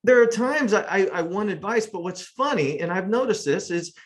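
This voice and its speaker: A man's voice: high-pitched, expressive, moderate pace. A man hosting a podcast, speaking reflectively in conversation with a guest. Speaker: podcast host.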